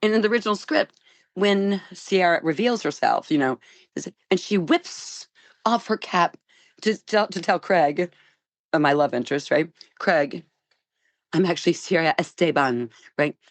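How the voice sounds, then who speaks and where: Older actress guest, low-pitched and dry-miked, animated anecdotes full of laughs. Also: female voice, normal speed, no room sound. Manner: animated, laughs often, restarts. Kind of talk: storytelling interview.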